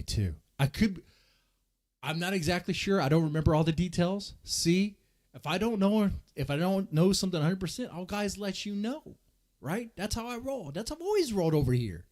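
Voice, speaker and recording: A man hosts a drama commentary with a slightly high, very lively voice that swings all over. He rants at his audience, profane and exasperated. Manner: animated, profane, exasperated ranting. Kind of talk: ranting commentary over clips.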